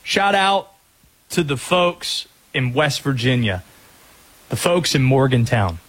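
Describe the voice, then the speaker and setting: Husky, upbeat radio sports host man. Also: medium pitch, big pitch swings, a bit bright. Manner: upbeat, joking, quick asides. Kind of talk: call-in sports talk show.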